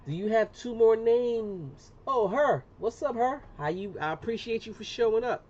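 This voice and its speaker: A middle-aged man chatting casually on a live stream as he demonstrates an engraving job, slangy and talkative, often saying "boom". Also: lively intonation, moderate pace, darkish tone. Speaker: livestreamer doing laser engraving. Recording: muffled lo-fi sound with faint room noise.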